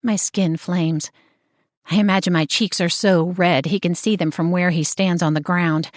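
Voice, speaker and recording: A woman reads a first-person romance audiobook with wry, expressive storytelling. Her voice sits a little low. The recording is dry and close. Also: normal speed, dry recording. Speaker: audiobook narrator.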